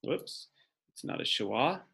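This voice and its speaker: Slow and forceful, this male teacher's voice has a bright tone. He explains a classroom lecture step by step, talking his thoughts through while writing on the board.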